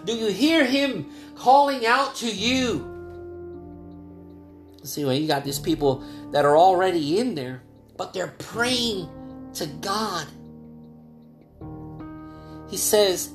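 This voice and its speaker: A male pastor delivering an earnest devotional sermon. His voice rises into loud, urgent calls and then drops to soft, quiet passages. Soft instrumental music plays faintly underneath. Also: sits high, moderate pace, echoey room.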